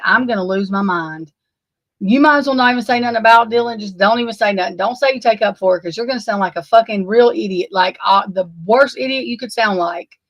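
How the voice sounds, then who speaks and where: A woman's voice: medium pitch, no room sound, low-quality recording. A woman giving unscripted true crime commentary, heated and emphatic, swearing freely and repeating herself. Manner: heated, profane, emphatic and repetitive.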